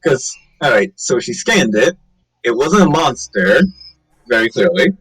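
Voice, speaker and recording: A man's voice: mid-range voice, sing-song, measured pace, a bit bright, no room sound, distant mic, low-quality recording. A man playing in a tabletop game, thinking aloud in a hesitant, casual way. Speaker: player.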